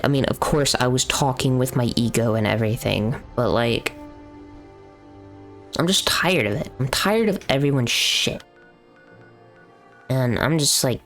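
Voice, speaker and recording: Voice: mid-range voice, normal speed, soft background music. A young adult streamer chatting casually while gaming, telling a story in blunt, profane language that turns into heated ranting.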